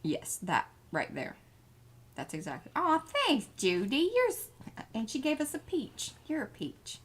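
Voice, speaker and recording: A woman's voice: sits high, huge pitch swings, measured pace, fairly bright tone, slight background noise. A woman co-hosting a craft livestream, chatting casually, greeting viewers and reading out their comments. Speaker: livestream co-host reading the chat.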